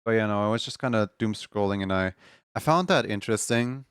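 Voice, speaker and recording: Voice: medium pitch, fairly quick, clear, resonant tone, dry recording, studio quality. A streamer in casual chat with viewers, rambling and laughing often.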